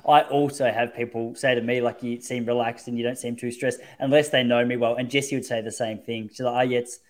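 A man's voice: medium pitch, little pitch movement, fairly quick. Chatty man telling stories. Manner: chatty storyteller, self-mocking. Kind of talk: casual chat.

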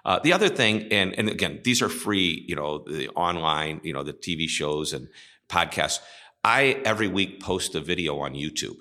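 A man's voice: low voice, animated, normal speed, bright, forceful tone. A middle-aged man, a guest on a podcast about customer service, talking in a chatty way and telling a joke with voices for each character. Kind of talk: casual interview talk.

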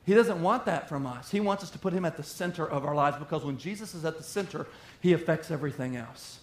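Preacher guy giving a sermon, kinda high voice, lively, echoey room. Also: quick pace. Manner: animated, acts out little quoted voices. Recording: roomy echo.

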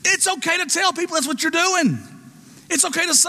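Emphatic preacher in a reverberant hall. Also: male voice, extremely high pitch, a little fast, pushed and bright. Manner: emphatic, call-and-response with congregation. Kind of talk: sermon.

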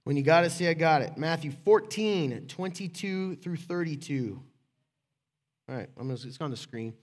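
A man preaching a sermon in a casual, conversational way, joking with people in the room by name and swinging between loud and hushed. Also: on the high side, expressive, moderate pace. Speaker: pastor.

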